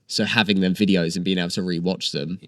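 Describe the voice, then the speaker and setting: A man's voice: sits low, fairly even intonation, quick pace, no echo, clean studio sound. A man, chatting eagerly as an actor guest in an interview. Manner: chatty and enthusiastic, with many fillers. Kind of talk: casual interview chat.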